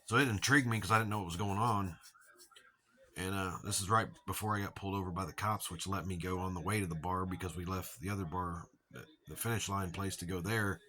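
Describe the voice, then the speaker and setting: Low-voiced Southern man telling a rambling story. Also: fairly even intonation, fast talker, sharp tone. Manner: rambling, profane, acts out quoted voices. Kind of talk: casual storytelling monologue.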